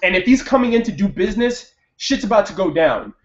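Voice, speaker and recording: A young man reviewing an anime episode in a casual monologue, excitable, swearing and jumping up loud when hyped. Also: sits high, a little fast. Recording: echoey room, dull lo-fi mic.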